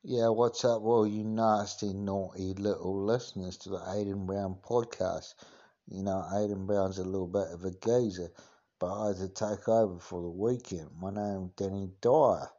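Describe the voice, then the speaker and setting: A swaggering, foul-mouthed cockney geezer, as a man puts him on for a comedy podcast. His voice sits low and mellow, and he rambles through endless filler phrases. The recording sounds dull and lo-fi. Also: steady tone, normal speed, natural voice. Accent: Cockney, put on. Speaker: podcast host. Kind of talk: comic impression monologue.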